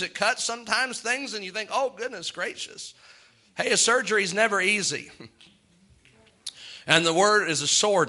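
A man preaching a sermon, chanting long lists in a slow rhythmic litany and chuckling between points. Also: sits high, pushed and bright.

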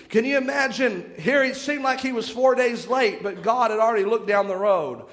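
A man's voice: extremely high pitch, moderate pace, hardly any pauses, fairly bright tone, long reverb tail. A young man preaching a sermon, retelling scripture stories with dramatic shifts in pace.

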